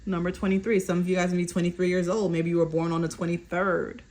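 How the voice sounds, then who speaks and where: Fast and flat, with a lowish, darkish voice, a woman reads card meanings aloud in a collective fortune reading. This tarot reader stumbles over words and keeps asking "okay?" to check in with viewers.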